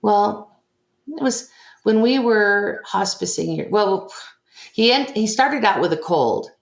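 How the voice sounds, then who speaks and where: A woman's voice: mid-range voice, expressive, slow pace, creaky. An older woman, an interview guest, earnestly recounting a personal story and acting out the people in it. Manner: earnest, emotional retelling with quoted dialogue. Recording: echoey room.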